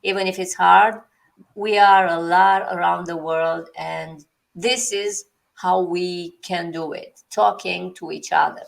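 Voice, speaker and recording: A woman's voice: fairly low pitch, steady tone, takes it slowly, vocal fry. A woman hosting an interview, asking questions in an earnest, encouraging way. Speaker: interview host. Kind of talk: conversational interview.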